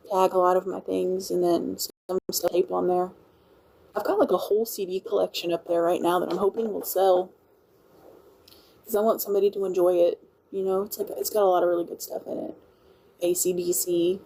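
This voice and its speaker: A woman's voice: medium pitch, gravelly, warm tone, a little hiss or hum, low-quality recording. A woman from Louisiana with a country and Cajun accent, chatting casually on a livestream and thanking her viewers as she rambles. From Louisiana, USA. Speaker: livestream host. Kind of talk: casual live-stream chat.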